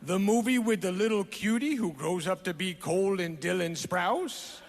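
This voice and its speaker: A man delivering a comic acceptance speech in a put-on Southern drawl, shouting out his punchlines. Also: high voice, normal speed, slight background noise. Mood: mock boastful. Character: goofy Southern-drawling man, brash and crude. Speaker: award recipient giving a speech.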